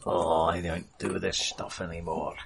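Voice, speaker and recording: A man's voice: low voice, level tone, unhurried, creaky. A man playing in a tabletop game, making dry jokes. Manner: joking, dry humour. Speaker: player. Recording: noisy background.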